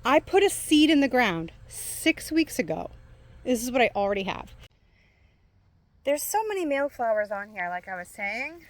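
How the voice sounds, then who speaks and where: A woman chatting casually and excitedly while showing her backyard garden plants outdoors. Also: on the high side, normal speed, dry recording. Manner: chatty and excitable, laughs easily. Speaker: gardening vlogger.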